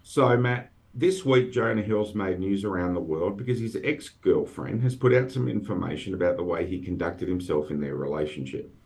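A man's voice: low voice, moderate pace, hardly any pauses, a little mellow. A man hosting a podcast in casual chat, wry and self-deprecating. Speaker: podcast host.

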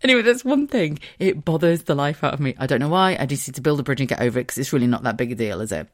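Woman, low voice, chatty solo podcast, swears a lot, laughs at herself. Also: rapid-fire. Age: adult. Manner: candid, self-mocking, sweary. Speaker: podcast host. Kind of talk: casual solo podcast chat.

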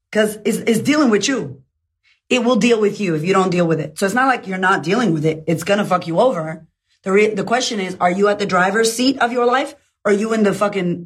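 A woman's voice: medium pitch, breathy edge. A woman in her thirties giving a blunt, fiery motivational talk as a life coach, swearing freely, speaking into her phone.

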